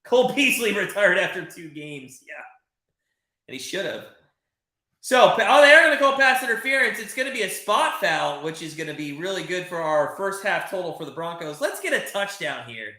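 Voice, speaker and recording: Male streamer host, excitable live play-by-play chatter, bright forceful voice, roomy echo. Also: on the high side, normal speed. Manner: excitable, chatty, swears, reads chat. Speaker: livestream host. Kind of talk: live watch-party commentary.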